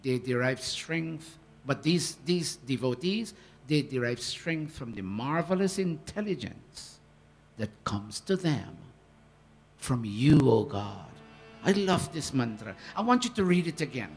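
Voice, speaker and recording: A man teaching a scripture workshop, talking in an earnest, animated devotional manner. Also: mid-range voice, a little slow, slightly rough. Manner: animated, earnest, with swells of emphasis.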